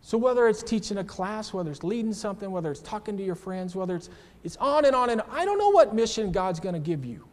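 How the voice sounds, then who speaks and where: Man teaching a church class, slightly raised pitch, rhetorical questions, personal asides, recorded with a long church reverb. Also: sing-song, fast. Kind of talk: sermon.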